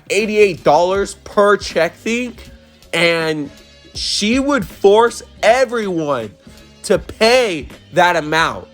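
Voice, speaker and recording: A man's voice: high voice, fairly bright tone. A young man telling a storytime on his vlog, blunt and profane as he retells an argument at work. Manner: blunt, swears often, retells the argument animatedly. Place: worked in New Mexico.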